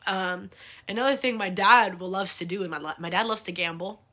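Bright-voiced young woman, chatty storyteller. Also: medium pitch, normal speed. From United States. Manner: chatty, fills with "like", swears freely. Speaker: podcast host. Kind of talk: casual storytelling chat.

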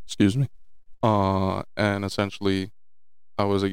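Deep-voiced young man, smooth and dry. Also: measured pace, no room sound. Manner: relaxed, repeats words and restarts often. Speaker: business owner guest. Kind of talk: casual interview.

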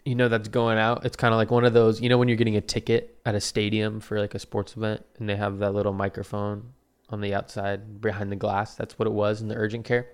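A man's voice: on the low side, monotone, fast talker, clear, resonant tone. A man in his twenties casually telling a rambling, profane story about his own day, with self-deprecating asides.

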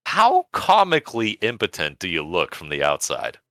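A man co-hosting a casual podcast, with a low voice and a bright, crisp edge. He talks in a lively, swinging way, profane and rambling. The sound is dry and close. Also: normal speed, no room sound. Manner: animated, profane, rambling storyteller. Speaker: podcast co-host.

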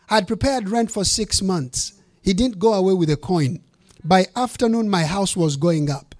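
High-voiced bishop preaching with punch. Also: male voice, normal speed, darkish tone. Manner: emphatic storytelling with punchy repetition. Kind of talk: sermon.

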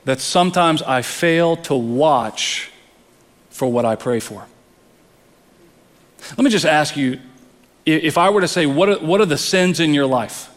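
A man's voice: fairly high pitch, a little slow, pauses often, long reverb tail. A man preaching a sermon as pastor, earnest, often repeating words as he presses a point.

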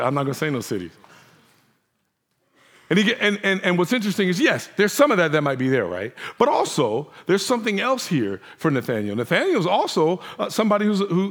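Animated man preaching conversationally. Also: fairly high pitch. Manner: conversational preaching, animated, acts out quoted voices. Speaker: pastor. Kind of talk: sermon.

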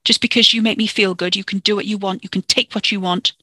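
A man's voice: high voice, steady tone, quick pace, pushed and bright, no room sound, exaggerated voice. The narrator voicing a grieving young man who pleads with a breaking voice, then turns to snarling.

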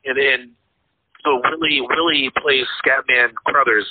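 A man's voice: medium pitch, steady tone, measured pace, background noise. A man co-hosting a casual podcast chat about movies, rambling with lots of fillers and restarts. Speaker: podcast co-host. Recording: tinny phone-like line.

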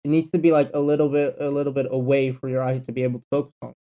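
A man hosting a casual podcast chat, rambling with lots of fillers and trailing off quietly at the ends of thoughts. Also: mid-range voice, little pitch movement, rapid-fire. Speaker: podcast host.

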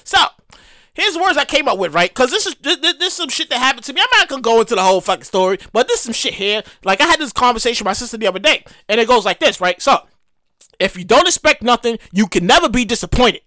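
A woman hosting her own comedy podcast, ranting in a profane and animated way and repeating phrases for comic effect. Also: a little high, racing, dry recording. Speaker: podcast host. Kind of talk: solo comedic podcast rant.

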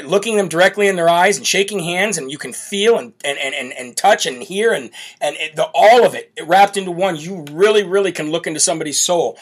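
Man, high-pitched, brash, mocking, political commentary, talk show host. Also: fairly bright tone. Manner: brash, mocking, laughs often. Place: home setup with camera.

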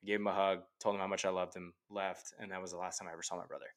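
Deep and level, the voice of a late-twenties man races along very fast as he tells a personal story as a podcast guest. It's casual, rambling, and earnest, peppered with "like," and picked up by a remote call microphone.

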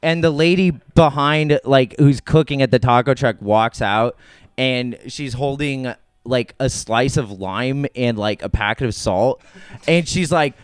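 A man with a mid-pitched, clear, smooth voice rambles through an animated story full of fillers. The sound is dry and close. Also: measured pace, no echo. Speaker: podcast co-host. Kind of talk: casual chat.

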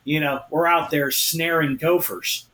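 A man co-hosting a podcast, telling a story in a casual, animated way and acting out what others said. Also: a little high, unhurried, roomy sound, a little hiss or hum. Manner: animated, acts out quotes of others. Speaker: podcast co-host.

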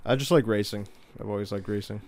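A man's voice: lowish voice, fast talker, darkish tone. A laid-back man in a casual group chat who offers facts and swears casually.

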